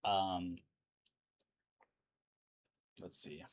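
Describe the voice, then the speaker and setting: A man's voice: low-pitched, fairly even intonation, very slow. A man hosting a live news stream, talking casually and thinking aloud with fillers, and losing his voice. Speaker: livestream news host.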